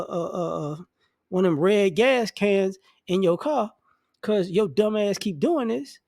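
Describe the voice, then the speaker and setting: Male ranter, high lively voice with gravel, mocking and profane, dry close sound. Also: dry recording. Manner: blunt, profane, mocking, acts out quoted people in high voices. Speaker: commentary vlogger. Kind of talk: casual ranting monologue.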